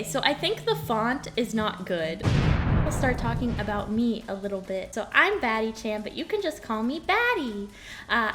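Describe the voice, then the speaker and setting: Bubbly, giggly female VTuber streaming from home; light, high voice, playful chat. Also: a bit bright. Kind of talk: casual live-stream chat.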